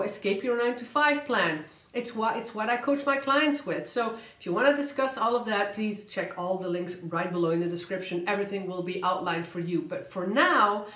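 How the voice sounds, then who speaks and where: A woman coaching viewers in a motivational vlog, emphatic and energetic, repeating words for emphasis and slowing down to stress key points. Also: medium pitch, roomy sound. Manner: usually talks fast, slows down to stress key points. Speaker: career coach and vlogger. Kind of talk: motivational vlog talk to camera.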